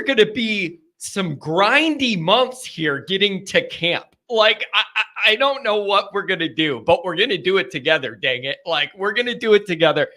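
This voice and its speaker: A man hosting a live sports call-in show, talking casually, excitable and rambling, often laughing. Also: high-pitched, normal speed, few pauses.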